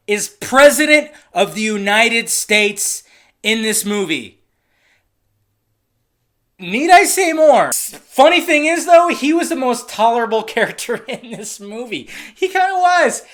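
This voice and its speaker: Profane, excitable young film reviewer. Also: medium pitch, a little slow. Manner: profane and excitable, swinging from muttering to shouting. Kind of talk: casual ranting film review.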